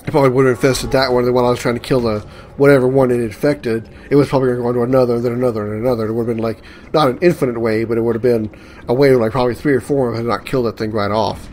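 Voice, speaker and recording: A man casually comments on his gameplay in a medium-pitched, fairly even, slightly mellow voice, racing along as he mutters reactions and swears when startled. Game music and sound effects play behind him, with slight background noise.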